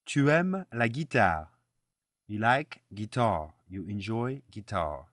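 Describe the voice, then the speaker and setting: This French lesson is led by a man whose voice is on the low side, fairly bright and very animated, though slow. The studio-quality audio has no echo, and he patiently explains pronunciation, repeating phrases in repeat-after-me drills for the listener to imitate.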